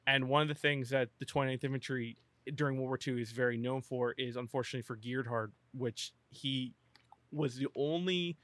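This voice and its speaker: Halting man, history-buff co-host. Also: medium pitch, fairly bright tone, dry recording. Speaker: podcast co-host. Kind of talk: casual podcast chat.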